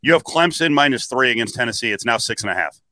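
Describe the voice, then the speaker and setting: A man's voice: medium pitch, animated, quick pace, pushed and bright, no echo. A man hosting a sports talk radio show, chatting and reading out call-in numbers and promotions. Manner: chatty, reads phone number and ad plugs.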